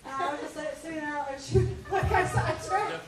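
A female voice actor telling a giggly, lively anecdote on a convention panel. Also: high voice, brisk, a little hiss or hum. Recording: very echoey hall, distant mic.

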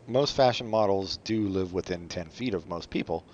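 A man co-hosting a casual podcast chat about comics, rambling and making deadpan jokes, in a dull lo-fi recording. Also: low-pitched, normal speed, slight background noise. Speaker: podcast co-host.

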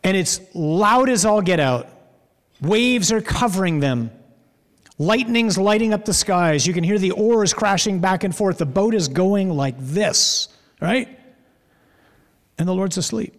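Male preacher, fairly high voice, storyteller who stretches words for effect, reverberant church hall. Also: expressive, measured pace. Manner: vivid storytelling, draws out words for emphasis. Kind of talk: sermon.

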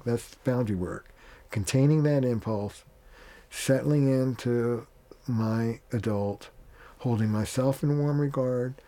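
A man with a mellow, warm-toned voice talks as a family therapist being interviewed. He is plain-spoken and casual, and he slips into quoted lines of dialogue to make his points. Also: medium pitch. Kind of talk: conversational interview.

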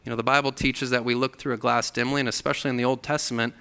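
A man's voice: mid-range voice, little pitch movement, rapid-fire, creaky, pushed and bright, clear, resonant tone. A man preaching a sermon in a church, earnest, acting out the voices he quotes. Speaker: pastor. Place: church hall.

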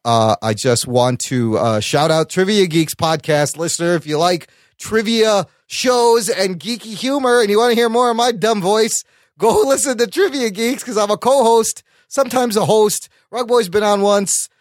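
A young man from the Chicago area hosting a casual podcast chat, animated and laughing often. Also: high-pitched, normal speed, dry recording, studio quality. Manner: animated, laughs often, slips into funny voices. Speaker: podcast host.

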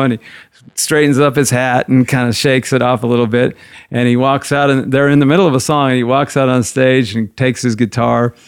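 A man's voice: medium pitch, vocal fry, no room sound, clean studio sound. A man, a guitarist, telling rambling stories from the road in a loose, conversational way. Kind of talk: anecdotal storytelling.

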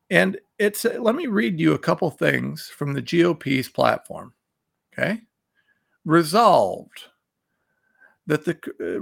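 A man's voice: a little high, creaky, a bit bright. A man hosting a political commentary show, ranting angrily and reading out quotes between insults. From Ohio. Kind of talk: fired-up political commentary monologue.

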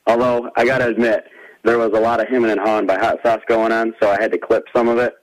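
A man co-hosting a casual show who also edits its clips, speaking in an easygoing, measured way. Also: fairly low pitch, level tone, rough recording. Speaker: show co-host and producer. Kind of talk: casual chat.

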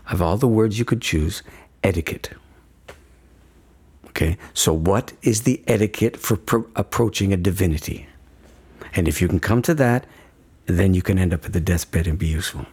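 A man's voice: sits low, normal speed, a little mellow, slightly rough. A man speaking as a guest in an interview, talking earnestly and emphatically, often stopping to check "okay?" with restarts along the way. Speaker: guest speaker on death and dying. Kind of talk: reflective conversational talk.

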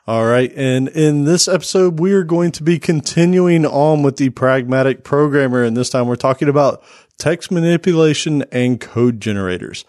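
A man co-hosting a podcast, reading intros in a smooth announcer-like way and chatting casually. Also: a little high, normal speed, darkish tone, no echo, studio quality. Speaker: podcast co-host. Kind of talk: casual chat.

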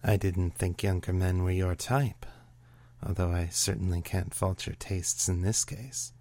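A man reading the part of a sultry, teasing female medical examiner in a story, slow and suggestive. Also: sits low, steady tone, a little mellow. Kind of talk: audiobook reading of a serial story.

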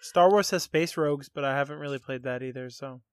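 A man co-hosting a gaming podcast, talking in a rambling, halting way. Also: medium pitch, smooth, no room sound, clean studio sound. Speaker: podcast co-host. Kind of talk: casual chat.

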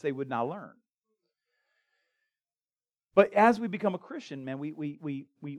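A man pastor preaching a conversational sermon to his congregation, often restarting his sentences and joking with the crowd. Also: fairly high pitch. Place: church sanctuary.

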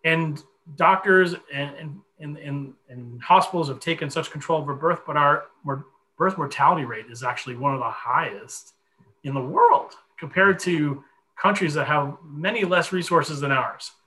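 A man in his forties telling a long personal story in a podcast conversation, animated and full of fillers. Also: on the high side, normal speed, a little hiss or hum, low-quality recording. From Connecticut. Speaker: guest.

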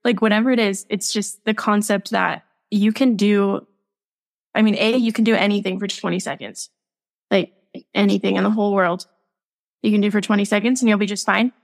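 A woman's voice: mid-range voice, fairly even intonation, a little fast, creaky. Candid, giggly young woman guest. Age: young adult. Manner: candid, laughs often, filler-heavy. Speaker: podcast guest. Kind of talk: casual podcast interview.

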